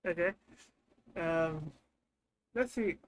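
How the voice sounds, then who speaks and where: A man hosting a podcast, asking relaxed, loosely phrased interview questions. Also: on the high side, extremely slow, no room sound, low-quality recording. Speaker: podcast host.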